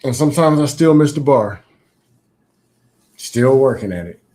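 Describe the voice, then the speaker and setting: A man's voice: medium pitch, animated, moderate pace, mellow. Reflective man telling candid stories. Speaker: podcast host. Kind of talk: casual conversation.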